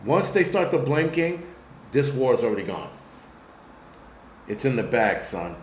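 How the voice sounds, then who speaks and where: A man's voice: medium pitch, sing-song, a little slow. Man, New York accent, live-stream host, blunt profane rant, echoey room, faint hum behind.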